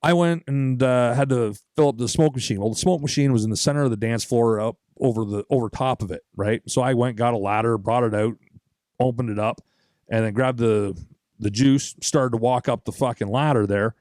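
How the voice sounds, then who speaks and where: A man's voice: mid-range voice, fairly quick, a little mellow, no room sound, clean studio sound. A young man co-hosting a podcast, telling a long story in a casual, profane way and acting out other people's lines. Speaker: podcast co-host.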